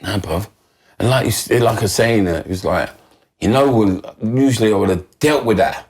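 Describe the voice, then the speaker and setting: A man's voice: on the low side, normal speed, a little mellow. A middle-aged man, a former footballer guesting on a podcast, telling his story with drama and acting out voices. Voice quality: gravelly, husky. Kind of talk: animated storytelling in casual conversation.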